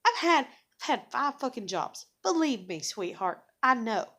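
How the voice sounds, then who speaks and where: A woman's voice: on the high side, sing-song, unhurried, bright, forceful tone. Young woman ranting with profane sarcasm. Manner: profane, rambling, heavy with "like" and "you know"; sarcastic, self-mocking. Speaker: vlogger. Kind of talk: casual venting monologue.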